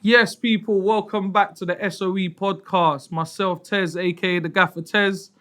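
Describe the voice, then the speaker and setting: A man's voice: high voice, steady tone, normal speed, fairly bright tone, smooth. A young man, hosting a casual football podcast with playful, teasing banter. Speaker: podcast host.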